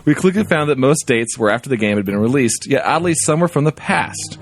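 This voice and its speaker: A man co-hosting a casual podcast, reading a listener email aloud. His voice sits in the middle range but rises and falls a great deal. He tells the story with a playful, animated delivery. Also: medium pitch, fairly quick, few pauses, faint music behind. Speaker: podcast co-host.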